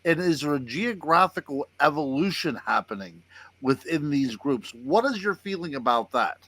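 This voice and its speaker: A man's voice: fairly high pitch, expressive, moderate pace, bright, forceful tone, no room sound. A man hosting a casual interview podcast, chatty and reading out a listener question. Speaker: podcast host.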